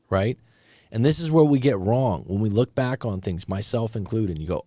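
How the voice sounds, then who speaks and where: A man's voice: on the low side, lively intonation, moderate pace, dark tone, no room sound. A middle-aged man hosting a breakup coaching stream, giving blunt, conversational advice to a viewer and often restarting his sentences. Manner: blunt, conversational, repeats and restarts, calls listener bro. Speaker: breakup coach and show host. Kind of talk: live-stream advice talk reacting to a viewer story.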